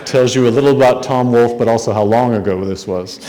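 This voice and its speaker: A middle-aged author from Spokane giving a conference talk, telling self-deprecating stories in a conversational way with frequent ums and restarts. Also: male voice, mid-range voice, fairly quick, dark tone. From Spokane, Washington, USA. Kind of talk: anecdotal storytelling speech. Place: hotel conference room.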